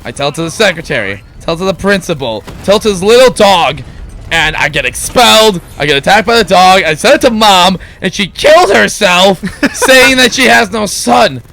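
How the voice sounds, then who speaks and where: A young man hosting a let's play, telling a rambling, giggly story in a playful, animated way. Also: high-pitched, normal speed, vocal fry.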